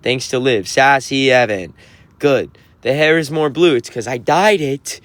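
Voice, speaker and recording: A man's voice: medium pitch, unhurried, fairly bright tone, no room sound. A man, a touring musician, reading out and answering viewer comments on a livestream in a sassy, teasing, mock-offended way. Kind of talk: livestream reading chat aloud.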